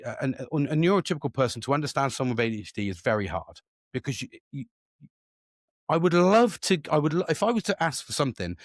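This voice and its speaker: A middle-aged man hosting a podcast, telling stories in a casual, sweary, animated way and acting out what people said. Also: mid-range voice, no room sound, clean studio sound. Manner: sweary, animated storytelling with acted-out quotes. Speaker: podcast host. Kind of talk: casual candid monologue.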